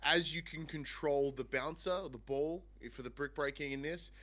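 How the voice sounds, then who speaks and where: A man's voice: fairly high pitch, normal speed, a bit bright. A man hosting a casual game review chat, talking in a rambling, enthusiastic way. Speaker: podcast host.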